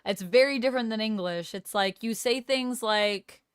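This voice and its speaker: A Canadian woman streamer chats casually on a livestream, reading chat messages aloud, answering them and trying out phrases with a light laugh. Her voice is a little high, at a normal speed, with a clean tone in a dry, studio-quality recording.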